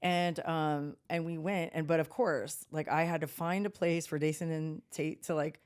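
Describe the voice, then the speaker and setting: A woman's voice: low voice, moderate pace, clear, resonant tone. A middle-aged woman co-hosting a casual podcast chat, telling stories with lots of laughter and acted-out quotes. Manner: animated storyteller, laughs often, quotes others in lively voices. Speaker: podcast co-host.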